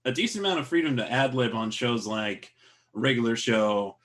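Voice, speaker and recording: A man's voice: medium pitch, animated, moderate pace, a bit bright. A man hosting a podcast interview, chatting eagerly with the guest in a fan's easy banter. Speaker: podcast host. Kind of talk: casual interview chat.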